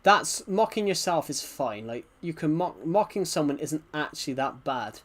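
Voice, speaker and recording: Soft-spoken young male streamer. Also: a little high, expressive, normal speed. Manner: soft-spoken, quiet and subdued. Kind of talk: casual gameplay commentary.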